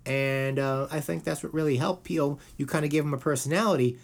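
A man hosting a casual podcast, rambling with lots of fillers and quick put-on quotes. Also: fairly high pitch, steady tone, vocal fry. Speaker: podcast host.

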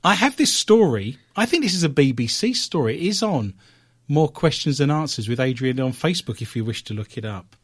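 A British man hosting a podcast, chatting through odd news stories with jokes, puns and quick asides. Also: mid-range voice, big pitch swings, breathy edge. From Britain. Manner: jokey, punning, quick asides. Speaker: podcast host. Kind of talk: comedic news chat.

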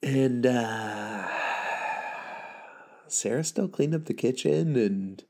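Gravelly sarcastic man ranting. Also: medium pitch, takes it slowly, warm tone. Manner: sarcastic, swearing, ranting, laughing at own jokes. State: sick with covid. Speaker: fantasy league podcaster. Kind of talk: profane rambling recap monologue.

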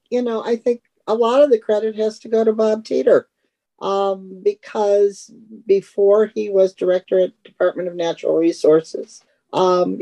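A woman guest reflecting in a measured way on conservation pioneers during an interview. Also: on the low side, dark tone, low-quality recording.

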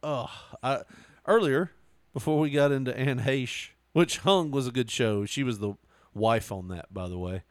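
A man's voice: medium pitch, normal speed, no echo. A man in casual podcast chat, telling stories and laughing often. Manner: laughs often, animated storytelling. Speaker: podcast co-host.

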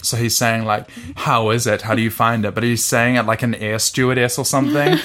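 A man's voice: mid-range voice, little pitch movement, brisk, a bit bright. Rambling, jokey male podcast co-host. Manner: rambling, jokey, acts out dialogue. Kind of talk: casual comic chat about manga.

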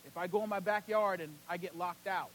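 A man with a strikingly high voice preaches to his congregation. He swings between loud, fervent peaks and quiet, close passages. A faint hum sits under his voice. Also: fairly quick, poor audio. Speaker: senior pastor. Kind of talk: sermon.

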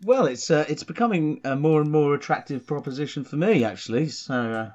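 A man co-hosting a comedy podcast, talking in a rambling, hesitant, deadpan way. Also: fairly high pitch, a little fast. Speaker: podcast co-host. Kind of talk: casual comedy chat. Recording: dull lo-fi sound.

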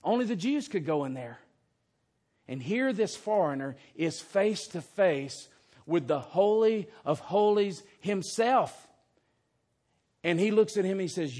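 A man's voice: high-pitched, expressive, unhurried, a little mellow. A man preaching an expository sermon in a church, emphatic and fond of rhetorical questions. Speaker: pastor. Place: church sanctuary.

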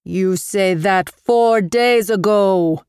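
A pushy middle-aged landlord, read by a woman narrator with a thick Armenian accent, blunt and demanding. He speaks slow, clipped broken English in a clear, dry audiobook voice. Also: medium pitch, a little mellow, dry recording. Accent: Armenian accent, put on.

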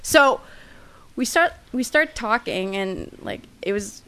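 A woman's voice: animated, takes it slowly, pushed and bright, clear, resonant tone. Rambling, profane young woman telling a story. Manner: rambling, profane, acts out quotes in high voices. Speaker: podcast co-host. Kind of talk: casual storytelling chat.

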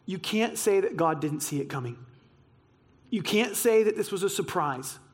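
A man with a strikingly high voice delivers a sermon to his congregation. He tells his stories with bubbling excitement and acts out the dialogue of the people in them. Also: moderate pace. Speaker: pastor.

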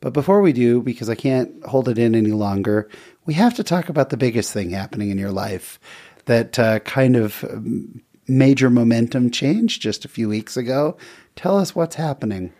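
A middle-aged man hosting an interview, asking questions in a lively and encouraging way. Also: mid-range voice, normal speed. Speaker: interview host. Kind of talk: casual interview chat.

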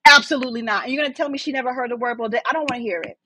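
A woman's voice: high-pitched, racing, heavy background noise. A woman co-hosting a casual podcast, pushing back bluntly and emphatically. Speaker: podcast co-host. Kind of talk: casual chat.

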